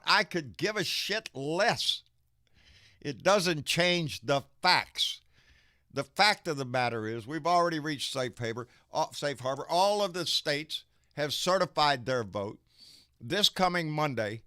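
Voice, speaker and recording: Texas guy ranting on his livestream, mad and cussing, bright edgy voice, dry close mic. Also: medium pitch, dry recording. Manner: angry, profane, emphatic ranting. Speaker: live stream host. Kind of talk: political rant and casual chat.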